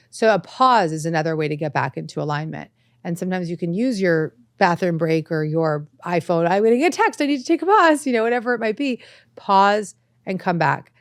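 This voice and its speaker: A woman hosting a self-help podcast, talking earnestly and reflectively, breaking into animated anecdotes. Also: fairly low pitch, dry recording, clean studio sound. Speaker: podcast host. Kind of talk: motivational self-help talk. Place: studio set with lights.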